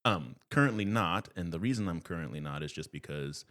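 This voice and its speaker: A young adult man, a guest performer, chatting casually on a podcast and telling animated stories with frequent laughs. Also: low voice, a little fast. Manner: animated storyteller, laughs often.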